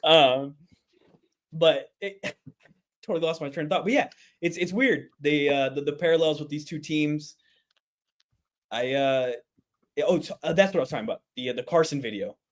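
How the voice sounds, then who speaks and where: A man's voice: fairly high pitch, moderate pace, pauses often. Rambling male sports podcaster. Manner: rambling, many restarts, laughs easily. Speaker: podcast co-host. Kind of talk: casual sports chat.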